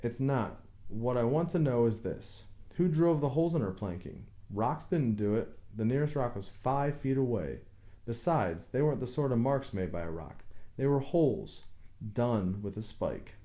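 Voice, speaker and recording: A man's voice: medium pitch, expressive, moderate pace, dark tone, lightly acted. A man reading an audiobook, voicing a stubborn village boat builder who speaks plainly but insistently and deferentially to authority.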